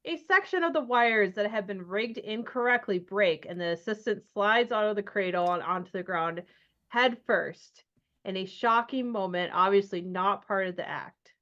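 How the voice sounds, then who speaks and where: A woman's voice: medium pitch, moderate pace, a bit bright. A woman narrating a tabletop horror game as game master, loose and chatty, with many ums and likes. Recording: dull lo-fi sound.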